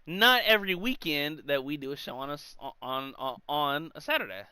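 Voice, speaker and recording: A man's voice: fairly high pitch, expressive, moderate pace, bright, forceful tone, smooth. A man co-hosting a podcast in casual chat, teasing and chiming in with short remarks. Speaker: podcast co-host.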